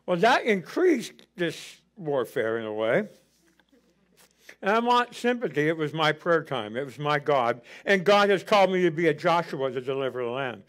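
A middle-aged male pastor delivering a sermon in a notably high voice. He talks through a personal story with fervor and builds to near shouting at the height of his points. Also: big pitch swings, moderate pace.

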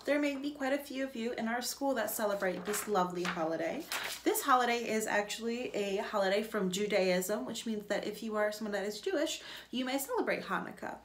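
Cheery lady teacher talking to kids online, kinda high voice, counts out rhythms. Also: animated, a little fast, a little hiss or hum. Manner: upbeat, chanting rhythms aloud. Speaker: music teacher. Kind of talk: virtual classroom lesson for children.

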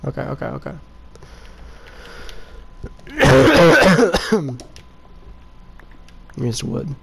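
A man giving casual gameplay commentary with excitable, cursing outbursts. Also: fairly high pitch, extremely slow, gravelly, very noisy. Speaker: gaming video creator.

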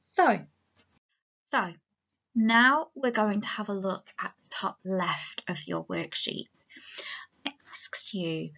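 Slow, measured woman teaching a lesson. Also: lowish voice, bright, forceful tone. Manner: measured, explanatory. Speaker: English teacher. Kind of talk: recorded lesson, reading aloud. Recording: dull lo-fi recording.

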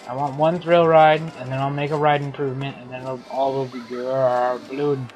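A man's voice: medium pitch, level tone, normal speed, a little mellow, lo-fi sound, soft background music. A man with a scratchy throat giving playful, silly commentary while playing a game. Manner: playful, silly self-narration. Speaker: let's play host.

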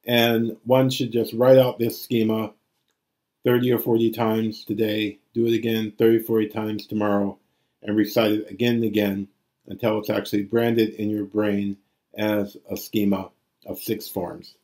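A man's voice: on the low side, little pitch movement, moderate pace, mellow. A man teaching Greek grammar in a recorded lecture, reciting forms aloud.

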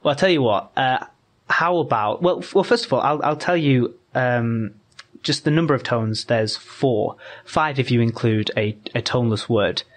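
Male podcast guest, mid-pitched, patient explainer, casual chat. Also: moderate pace. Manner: patient, explains step by step with many restarts.

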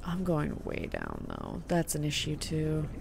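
A woman's voice: sits low, huge pitch swings, a little slow, vocal fry, background noise. A woman hosting a gaming video, giving let's-play commentary and reacting aloud with gasps and small whispered asides.

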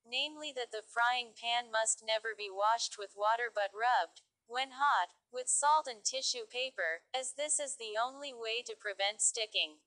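A woman's voice: on the high side, unhurried, few pauses, pushed and bright, rough recording. A woman reading stories aloud carefully for English learners. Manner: careful, clear reading pace. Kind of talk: slow read-aloud narration.

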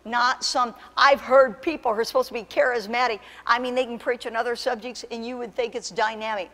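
A woman pastor preaching a sermon with impassioned, emphatic delivery that surges to loud peaks. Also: a little high, steady tone, fairly quick, in a large hall. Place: church sanctuary.

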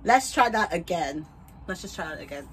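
A woman's voice: on the low side, animated, normal speed, a bit bright, a little hiss or hum. A young woman vlogger chatting casually while trying on wigs at home, bubbly and rambling, laughing often and swearing freely.

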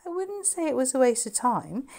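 A woman's voice: high voice, big pitch swings, moderate pace, gravelly, a little mellow, voice pushed up, full character voice. A woman voicing a cheerful, cheeky young boy in a storybook reading.

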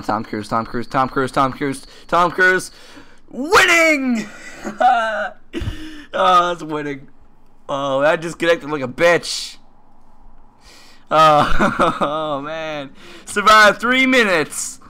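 This gaming commentator is a young man whose voice sits fairly high, sounding pushed, bright, and smooth. Playing a survival game on his computer, he offers loose, jokey let's-play chatter, swearing a lot and erupting into laughs.

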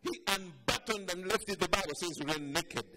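A male pastor preaching a sermon, telling stories dramatically, with loud declarations that fall to hushed low lines. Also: expressive, a little fast, over loud music. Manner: acts out the voices in the stories he tells.

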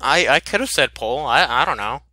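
A man's voice: medium pitch, expressive, a little fast, sharp tone, no room sound, clean studio sound. A man playing a game with a friend in casual chat, stammering and giggling often. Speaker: gamer.

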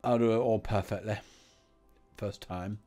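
A man playing a pompous, boastful old English gentleman, grumbling through a game. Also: lowish voice, fairly even intonation, a little slow, faint music behind, natural voice. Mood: gruff banter. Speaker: game player. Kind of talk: comedic let's-play banter.

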